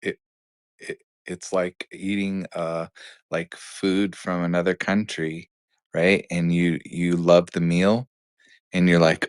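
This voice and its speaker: Very low-voiced American man. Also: flat delivery, slow pace, clean tone, no echo, studio quality. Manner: warm, rambling, uses food comparison.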